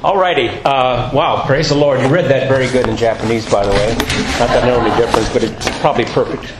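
A man's voice: medium pitch, fairly even intonation, fast, background noise. Guy preaching in a church, rambly and chatty, lots of uh's, kinda roomy echo. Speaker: guest preacher. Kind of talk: sermon.

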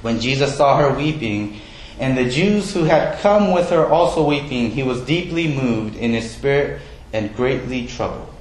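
A man's voice: medium pitch, expressive, moderate pace, roomy sound, low-quality recording. A man preaching a sermon as pastor, in a conversational way, often putting questions to the congregation and poking fun at himself. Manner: conversational, self-deprecating, asks the congregation questions.

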